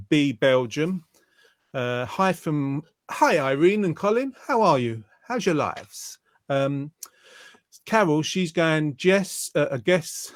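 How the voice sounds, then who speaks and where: Man hosting an online quiz, joking, rambling, slightly high voice, dry close sound. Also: no echo. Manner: joking, rambling, deadpan silly asides. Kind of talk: casual chat, quiz hosting. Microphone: online video call.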